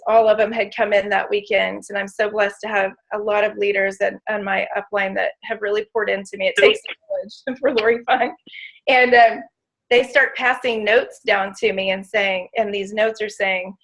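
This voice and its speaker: A woman's voice: medium pitch, fairly bright tone, poor audio. A woman giving an emotional, emphatic inspirational testimony, speaking straight to her audience. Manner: emotional, emphatic, addresses audience as "you guys". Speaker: motivational speaker.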